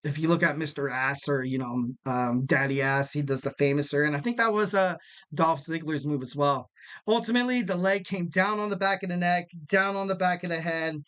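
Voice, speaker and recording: Male podcast host, slightly high voice, loose rambling chat, acts out quotes. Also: fairly quick, a bit bright. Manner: rambling, full of fillers and restarts.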